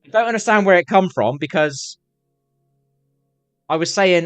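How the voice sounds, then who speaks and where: Rambling man with a raised pitch. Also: lively intonation, fairly quick, pauses often, a bit bright, dry recording, faint music behind. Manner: rambling, swears often, repeats himself while reading chat. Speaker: live streamer. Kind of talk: casual live-stream chat.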